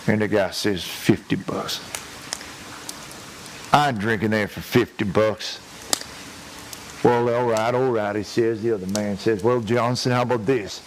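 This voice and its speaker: A man with a lowish, steady voice plays a crude, drawling redneck prank caller, telling a long rambling joke at a measured pace with frequent pauses, hesitations and restarts. He chuckles at his own story, and the lightly acted performance comes through a rough recording with a little hiss or hum.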